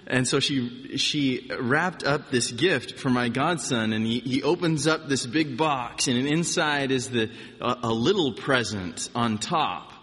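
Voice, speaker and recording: A man giving an informal sermon, telling personal stories in a relaxed, conversational way with frequent restarts. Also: mid-range voice, a little slow, hardly any pauses, big-room sound. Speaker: preacher.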